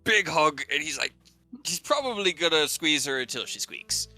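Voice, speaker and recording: A man's voice: on the high side, normal speed, faint music behind. A man playing in a tabletop game, eagerly describing what his character does. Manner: eager, animated storytelling. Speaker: player.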